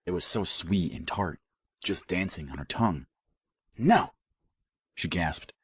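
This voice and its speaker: Deep husky male audiobook narrator. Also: a bit bright, no echo, clean studio sound. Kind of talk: scripted narration.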